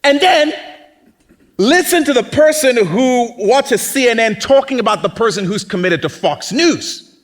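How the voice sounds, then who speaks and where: A man's voice: extremely high pitch, expressive, a little slow. A man preaching a sermon as pastor, talking conversationally and acting out other people's voices. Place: church.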